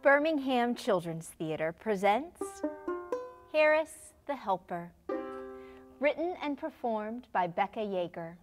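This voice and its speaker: A woman, the puppeteer, reading out the credits of a puppet show clearly. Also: fairly high pitch, expressive, slow, music in the background. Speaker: puppeteer and writer. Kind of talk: announcing credits.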